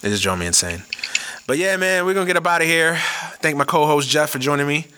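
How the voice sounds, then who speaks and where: A man's voice: fairly high pitch, animated, fast, sharp tone, clean tone. A man hosting a sports podcast, ranting casually with lots of cursing and stuttered restarts. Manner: profane, ranting, many restarts. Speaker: podcast host.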